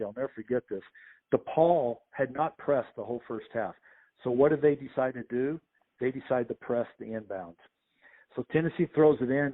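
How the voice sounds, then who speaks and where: A man, a sports official and podcast guest, telling lively anecdotes and acting out the people in them. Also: mid-range voice. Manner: animated anecdotes with quoted voices. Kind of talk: storytelling interview. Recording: phone-like narrow audio.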